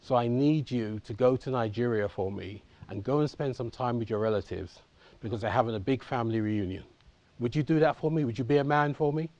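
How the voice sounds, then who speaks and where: A man's voice: medium pitch, brisk, darkish tone, no room sound, close to an everyday voice. A stern father makes an earnest, persuasive request of his son, as recalled by a man in his fifties. The sound is dull and dry. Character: stern father asking a favor.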